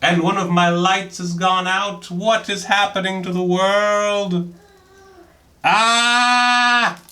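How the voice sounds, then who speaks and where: A man chatting casually while he unboxes films, excitable and jokey, often bursting into high-pitched exclamations. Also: a little slow. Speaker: film vlogger.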